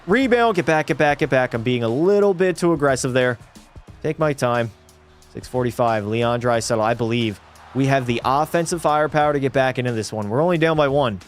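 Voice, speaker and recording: A young man streaming a hockey video game, commentating live and swinging into frustrated yelling at bad plays. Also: mid-range voice. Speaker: gaming streamer.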